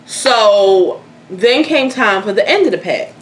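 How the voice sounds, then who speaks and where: A woman's voice: medium pitch, slow. Candid woman telling a story. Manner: candid, animated, swears freely. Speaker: host. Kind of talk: casual storytelling chat. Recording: echoey room, faint noise.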